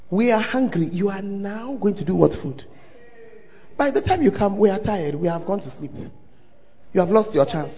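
A man preaching a sermon as pastor, animated, with sudden shouted exclamations. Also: high voice. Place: large church hall. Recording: dull sound with long hall reverb. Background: faint congregation.

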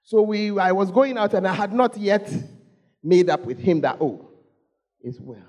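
A woman's voice: medium pitch, expressive, normal speed, a little mellow. A woman with a Ghanaian English accent preaching a storytelling sermon, calling out to the congregation and repeating her phrases.

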